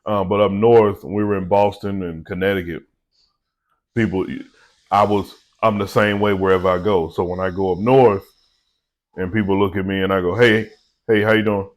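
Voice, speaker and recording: A man's voice: low voice, little pitch movement, normal speed. A middle-aged man, a vlogger and small business owner, giving an earnest, conversational devotional talk to his viewers.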